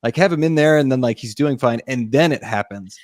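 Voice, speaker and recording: A man's voice: mid-range voice, a little fast, no room sound. A man with an ordinary mid-range voice gushes about films in a loose, rambling way, full of "like" and restarts. The sound is close and dry. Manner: enthusiastic, rambling, many fillers and restarts. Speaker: podcast co-host. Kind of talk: casual film discussion.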